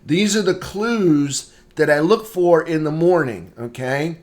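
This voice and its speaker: A trading instructor gives a live market analysis lesson in an unhurried voice on the high side. He repeats his points, checks in often with "okay?", and greets viewers by name mid-lesson.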